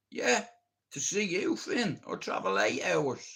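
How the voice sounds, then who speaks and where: Slow-talking, blunt middle-aged Irishman. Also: fairly high pitch, huge pitch swings, creaky, pushed and bright, slightly rough. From Ireland. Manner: rambling, blunt, heart-on-sleeve, swears freely. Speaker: livestreamer. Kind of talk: casual live-stream chat.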